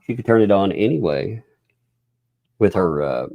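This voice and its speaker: Low gravelly man. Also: lively intonation, normal speed, dry recording, dull audio. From Oklahoma. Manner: rambling, chuckles often, thanks viewers. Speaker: livestream host. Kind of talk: casual live stream chat.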